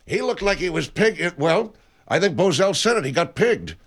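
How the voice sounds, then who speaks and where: A man hosting a comedic radio show, mocking and animated. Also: high-pitched, moderate pace. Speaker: radio host.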